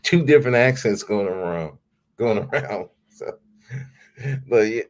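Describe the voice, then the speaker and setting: A man's voice: lowish voice, animated, unhurried. A man hosting a podcast, ranting in a casual, heated way, swearing freely and repeating himself. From United States. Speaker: podcast host.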